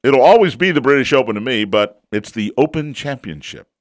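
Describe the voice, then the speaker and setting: A man's voice: medium pitch, animated, a little fast, dry recording, clean studio sound. A man hosting a casual sports talk show, chatty and opinionated, who asks himself questions and answers them.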